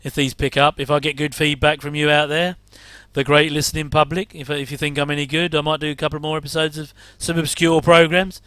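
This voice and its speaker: Chatty man, bright crisp voice. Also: a little high, little pitch movement, brisk, hardly any pauses, no room sound. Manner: chatty, rambling asides, wry jokes and chuckles. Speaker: commentator reacting to an old TV episode. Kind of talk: casual watch-along commentary.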